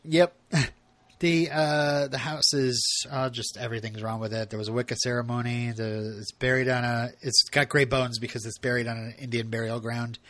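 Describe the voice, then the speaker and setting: A man's voice: medium pitch, steady tone, normal speed, fairly bright tone, no echo. Laughing man recapping a TV episode. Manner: chatty, laughs often, many fillers. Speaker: podcast co-host.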